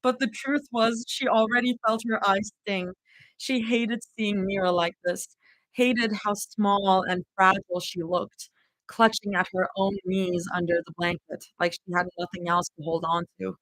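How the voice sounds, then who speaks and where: A woman reading fanfiction aloud in an expressive, heartfelt live reading. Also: medium pitch, a little slow, no room sound, poor audio. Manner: expressive reading with emotional reactions. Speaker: fanfiction reader.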